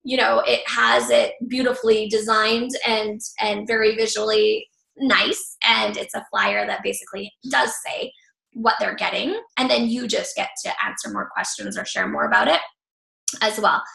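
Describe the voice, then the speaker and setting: Upbeat woman with a bright, gravelly voice. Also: mid-range voice, fairly even intonation, moderate pace. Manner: upbeat, encouraging, loose with fillers. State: slightly losing her voice. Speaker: group leader running a training call. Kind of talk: online training call. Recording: echoey room.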